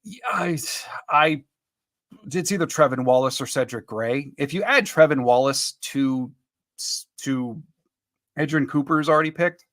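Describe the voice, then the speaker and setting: Guy hosting a live sports podcast, kinda high voice, upbeat, super dry close mic. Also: bright, forceful tone, no room sound. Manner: upbeat, quick asides to viewers, chuckling. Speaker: podcast host. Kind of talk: live-stream chat reading comments.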